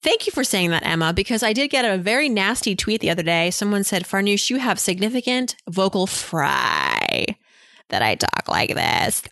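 A woman's voice: medium pitch, very animated, moderate pace, few pauses, fairly bright tone, dry recording, studio quality. A woman hosting a personal finance podcast, answering listener questions in a chatty, frank way with lots of "you know" fillers.

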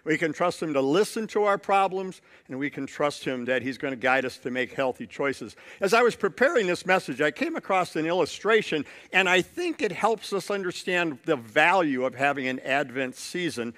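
A man's voice: a little high, animated, normal speed, few pauses, a bit bright. A male pastor preaching a sermon, telling a story and building points through repetition.

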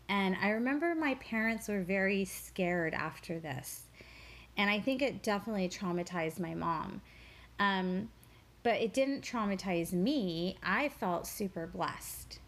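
Woman, spiritual teacher, interview guest, earnest, reflective, fillers and repeats. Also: medium pitch. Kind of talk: personal storytelling in an interview.

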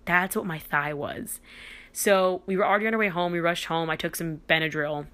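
A young adult woman with a slightly low-pitched voice hosts a podcast, telling a personal story in a loose, chatty way. She gets animated and excitable as she goes, stumbling into restarts and leaning on dramatic pauses. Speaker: podcast host. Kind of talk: casual storytelling.

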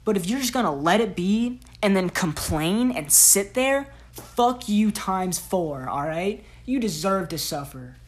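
A woman's voice: mid-range voice, animated, measured pace, few pauses. A woman hosting a solo podcast, giving blunt, profane, slang-heavy tough-love talk. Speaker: podcast host.

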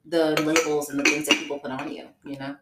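A woman's voice: low voice, level tone, fast talker, heavy background noise. A woman co-hosting a casual live podcast, laughing often and swearing freely as she talks. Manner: laughs a lot, loose and profane. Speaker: podcast co-host. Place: room at home, pouring tea. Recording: echoey room.

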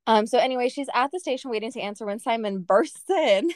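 A young woman co-hosting a casual book podcast, talking in an animated way with lots of laughs and fillers. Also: on the high side, quick pace, no echo, clean studio sound. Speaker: podcast co-host. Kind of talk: casual book-review chat.

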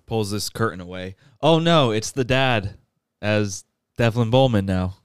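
A man on a podcast slowly retells a movie plot in casual chat, breaking into laughter and acting out the characters' lines. His voice is smooth and clear, recorded dry and close. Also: on the low side, dry recording. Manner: laughs often while recounting, acts out quoted lines. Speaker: podcast host.

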